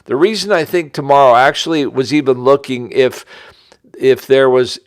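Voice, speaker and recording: A middle-aged man from the United States gives a casual monologue as host, wandering through thoughts with frequent restarts. His voice sits at a mid pitch and sounds smooth and clean. The recording is dry and close, with no room sound. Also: normal speed, dry recording. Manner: rambling, with many restarts and asides. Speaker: host giving an investment update.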